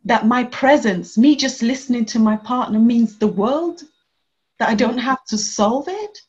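A woman co-hosting a conversational podcast as a couples therapist, talking in an animated way and acting out her clients' voices. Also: fairly high pitch, unhurried. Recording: lo-fi muffled remote audio.

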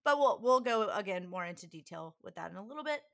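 A woman's voice: medium pitch, animated, fast, vocal fry, fairly bright tone. A woman co-hosting a podcast, chatting and explaining things with frequent laughs. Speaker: podcast co-host. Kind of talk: casual chat.

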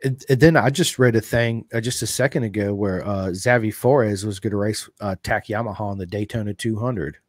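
Middle-aged male host, low voice, dry close sound, eager rambling talker. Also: fairly quick, hardly any pauses, no echo. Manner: enthusiastic, rambling fan talk. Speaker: podcast host. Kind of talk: casual interview chat.

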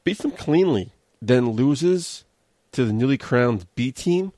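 A man's voice: mid-range voice, animated, slow pace, mellow, no room sound, studio quality. A man in his thirties ranting bluntly and sarcastically in casual chat, giving his opinions on wrestling. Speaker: wrestling commentator.

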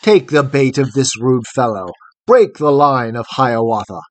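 A man reading a calm monster fish king. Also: medium pitch, measured pace, no room sound, close to an everyday voice. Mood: commanding. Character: mighty old male sturgeon, king of fishes, calm.

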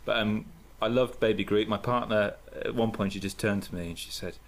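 A man's voice: lowish voice, fairly even intonation, fairly quick, creaky. A man co-hosting a casual podcast, chatty and jokey, gushing as he talks. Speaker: podcast co-host.

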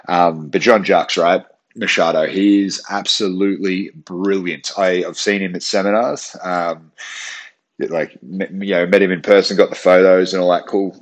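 A strength coach and gym owner hosts his podcast solo in a low voice. He talks earnestly and casually, restarting phrases and checking in with "right?".

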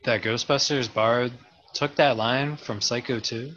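A man's voice: mid-range voice, fairly even intonation, measured pace, a bit bright. Podcast dude stumbling over his words a bit, mid voice, muffled audio. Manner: hesitant, stammering restarts, laughs along. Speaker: podcast co-host. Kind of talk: casual chat.

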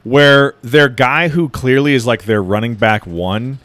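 A man chatting casually about sports, animated and teasing. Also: mid-range voice, a little slow, no echo.

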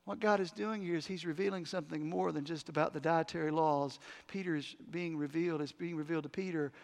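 High-voiced preacher in a reverberant hall. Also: male voice, steady tone, fast, gravelly. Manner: emphatic, conversational preaching with sudden loud punches. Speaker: pastor. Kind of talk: sermon.

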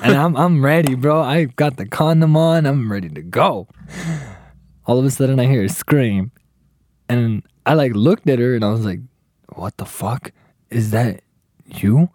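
A man's voice: mid-range voice, moderate pace, no room sound, clean studio sound. A young man casually telling a profane story to friends, acting out what everyone said. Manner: profane, animated, acts out quotes.

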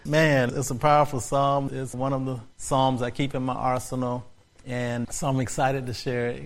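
A man's voice: medium pitch, gravelly. A male pastor preaching a sermon, repeating phrases and building to fervent, rising exclamations.

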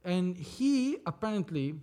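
A man's voice: sits high, very animated, a little slow, warm tone. A man from Lebanon, a film producer, telling a story in a casual interview, acting out dialogue and swearing freely.

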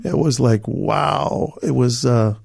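An older man from Chicago, a podcast guest telling an animated story, acting out other people's lines and laughing as he goes. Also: medium pitch, slow, vocal fry, dry recording, studio quality. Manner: acts out other people's lines, repeats himself, laughs as he talks.

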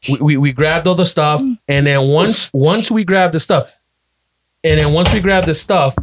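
A man telling a family story in a casual chat, animated and repeating phrases as he acts out quotes. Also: on the high side, moderate pace. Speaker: podcast guest, storyteller.

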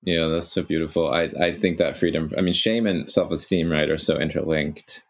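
Very deep gravelly-voiced man, reflective. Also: steady tone. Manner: thoughtful, affirming, measured. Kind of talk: reflective conversation.

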